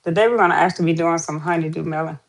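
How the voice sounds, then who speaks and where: A woman's voice: deep voice, rapid-fire. A woman hosting a casual live stream, chatty and greeting viewers over and over. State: out of breath.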